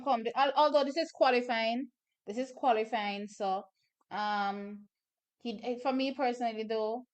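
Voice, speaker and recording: A Jamaican woman hosting a live watch-party stream, chatting through the races and bursting into excited shouts and laughter. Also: on the high side.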